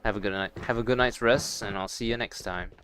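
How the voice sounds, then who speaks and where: During a casual gaming stream of a VR title, a young man talks with his viewers in stop-start rambles, swearing now and then. He speaks a little fast in a smooth, somewhat bright voice on the low side, with fairly even intonation.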